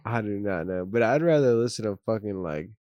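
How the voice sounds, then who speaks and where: Excited young man, casual rambling chat. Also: lowish voice, fairly quick, clean tone, dry recording, dull audio. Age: young adult. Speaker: guest musician.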